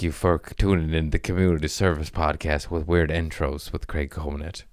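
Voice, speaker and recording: A man's voice: extremely low pitch, little pitch movement, fairly quick, few pauses. A man hosting his own podcast, rambling through a casual comedic monologue with self-mocking asides and playful voice shifts. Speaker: podcast host.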